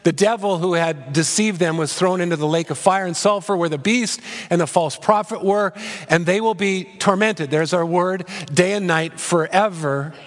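A male pastor delivers an expository sermon with animated swings between loud emphasis and hushed asides. His voice sits a little high for a man. Long reverb from the church sanctuary trails every phrase.

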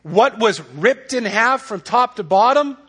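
A man's voice: extremely high pitch, expressive, a little slow, a bit bright, breathy edge. A man preaching a sermon as pastor, conversational and emphatic, asking rhetorical questions.

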